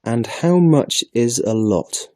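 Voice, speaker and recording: A man's voice: medium pitch, animated, slow, darkish tone, no echo, studio quality, pitched above the performer's own voice. A man voicing a timid, curious little girl who asks pleading questions in a raised voice, reading a storybook aloud. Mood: plaintive.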